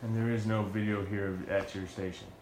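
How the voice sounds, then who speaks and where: A man's voice: fairly low pitch, flat delivery, moderate pace, background noise. Agitated young man in an echoey room. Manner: agitated, blunt, swears, restarts often. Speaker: former Marine recounting his arrest. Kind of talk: heated first-person account.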